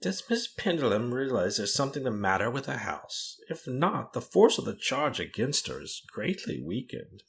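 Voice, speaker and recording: A man voicing a hesitant, mild-mannered clergyman who speaks reluctantly and slowly. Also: medium pitch, sing-song, vocal fry, pitched above the performer's own voice. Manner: reluctant and slow.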